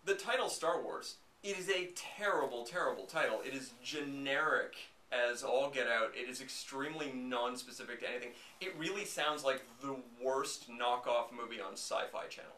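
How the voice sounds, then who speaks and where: Man, casual snarky host, rambling, bright tone, roomy echo, faint hiss. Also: medium pitch, normal speed, few pauses, far from the mic. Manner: wry, rambling, snarky, many fillers. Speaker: podcast host. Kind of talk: casual chat. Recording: echoey room, off-mic, faint noise.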